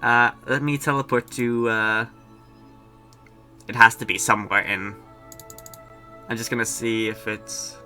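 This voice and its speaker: Young guy streaming, very bright voice, jokey and chatty, faint game music behind. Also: medium pitch, flat delivery, unhurried, pauses often. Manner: chatty, jokey, talks to chat. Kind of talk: casual gameplay commentary.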